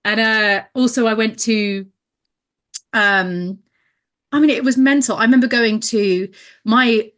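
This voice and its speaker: A woman's voice: on the high side, unhurried, long pauses. A woman, an actress and comedian, telling comic stories in a casual chat, acting out her quotes and laughing often. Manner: animated storyteller, acts out quotes, laughs often.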